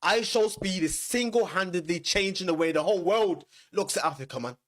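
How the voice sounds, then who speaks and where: Male reactor, slightly high voice, slangy and hyped. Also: brisk, a crowd in the background. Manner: hyped, slangy, says "man" a lot. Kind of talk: reaction commentary.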